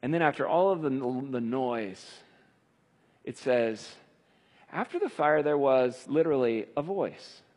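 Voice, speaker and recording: A man's voice: mid-range voice, expressive, unhurried, darkish tone. Man preaching in a reverberant hall. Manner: conversational, retelling scripture with emphasis. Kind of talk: sermon.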